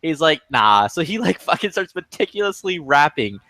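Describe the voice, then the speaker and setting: A man's voice: fairly high pitch, fairly quick, dry recording. A man telling a long, profane story in casual chat, acting out the people in it. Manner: profane, animated anecdote with quoted voices. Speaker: lobby chat regular.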